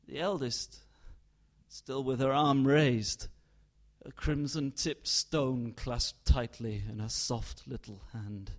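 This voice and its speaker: A man tells a dark folk tale slowly and deliberately, dropping into a hush for its quieter moments. His voice sits in a middle register and never hurries. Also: mid-range voice, steady tone. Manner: slow, deliberate, hushed storytelling. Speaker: storyteller. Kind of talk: dramatic story narration.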